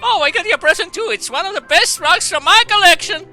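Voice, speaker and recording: A man voicing an excitable young boy villager in a video game, gushing with enthusiasm. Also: extremely high pitch, fast talker, faint music behind, voice pushed up, heavily acted. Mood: eager.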